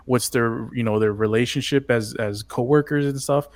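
A man's voice: medium pitch, fairly even intonation, moderate pace, no room sound. A man discusses a TV show in casual podcast chat, his voice dry and close with no room sound. He hesitates often, repeating words before finding his point. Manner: hesitant, many restarts, chuckling asides. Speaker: podcast co-host.

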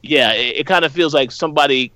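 A man with a bright, forceful voice recorded dry and close. He is co-hosting a casual discussion and works through his points one at a time in a measured way. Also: fairly high pitch, no echo. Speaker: podcast co-host.

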